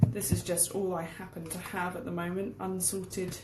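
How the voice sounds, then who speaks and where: A woman's voice: fairly low pitch, level tone, moderate pace, reverberant, heavy background noise. A woman giving a casual English lesson while baking at home, explaining word meanings as she goes. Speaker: English teacher. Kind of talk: casual cooking demonstration lesson. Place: home kitchen.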